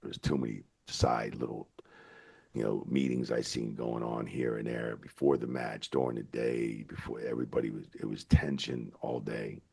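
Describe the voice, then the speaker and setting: Middle-aged man, very low raspy voice, chatty storytelling guest who swears freely. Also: normal speed. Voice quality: very deep, gravelly and husky voice. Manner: excitable, swears, leaps up in pitch when retelling stories. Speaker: retired wrestling referee, guest. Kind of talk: animated storytelling in a podcast interview.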